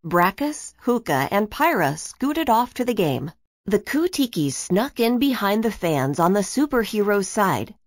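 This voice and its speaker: A woman reading a children's storybook aloud in an expressive storytelling way. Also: medium pitch, measured pace, no echo, studio quality. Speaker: narrator. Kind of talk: children's book read-aloud.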